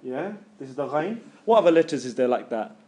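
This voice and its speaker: Man, recitation teacher, informal lesson, slightly raised pitch, voices sounds aloud to demonstrate. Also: very animated, a little fast, dark tone. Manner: chatty, keeps checking in with "yeah?".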